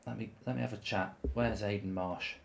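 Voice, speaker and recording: A man's voice: lowish voice, steady tone, fairly quick, creaky, slight background noise. A man hosting his own channel, giving live commentary over a football management game, full of ranting, swearing and exasperated outbursts. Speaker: gaming YouTuber host.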